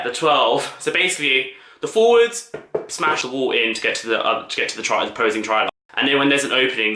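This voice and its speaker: Camp lad vlogging, lots of ums, bright tone, roomy echo. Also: male voice, mid-range voice. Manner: camp, chatty, lots of fillers. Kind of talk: casual vlog chat. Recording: echoey room.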